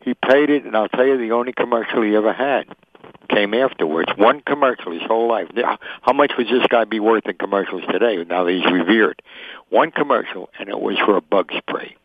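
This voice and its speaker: A man's voice: lowish voice, a little fast. An older man, a sportswriter guest, telling vivid anecdotes on an interview show and acting out the quotes. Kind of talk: interview storytelling. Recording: tinny phone line.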